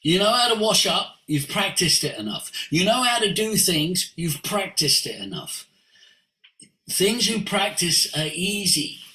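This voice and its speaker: A man's voice: sits high, unhurried. A man, a voice coach, giving a passionate, preachy teaching talk over a video call. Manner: animated and preachy, sweeping emphasis. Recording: roomy echo.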